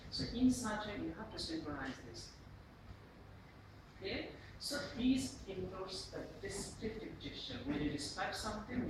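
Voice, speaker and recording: Lecturing man with a Bangladeshi accent. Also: high voice. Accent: Bangladeshi English. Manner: animated, repeatedly asks "Clear?" and "Yes?". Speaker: presentation skills lecturer. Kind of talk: classroom lecture with demonstrations. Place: university classroom. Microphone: camera at the back of the room. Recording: echoey classroom from far off, noisy.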